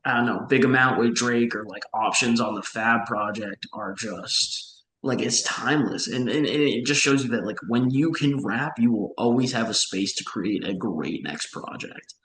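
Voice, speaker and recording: A young man co-hosting a podcast, reviewing albums in a measured, analytical way with frequent restarts. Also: mid-range voice, fairly bright tone, reverberant, rough recording. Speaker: podcast co-host. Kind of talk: casual music review chat.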